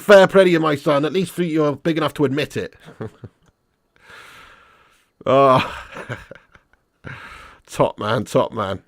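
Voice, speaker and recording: A man hosting a live football watch-along, excitable and sweary, reading out fan messages and calling listeners lad and mate. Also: a little high, slow pace, long pauses, no echo, clean studio sound.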